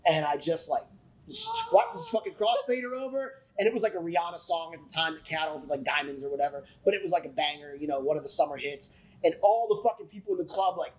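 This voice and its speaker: A man on a podcast as a guest, telling stories in an animated way with lots of swearing. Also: fairly high pitch, fast, poor audio. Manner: animated, profane storyteller who acts out quotes. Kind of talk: casual storytelling chat.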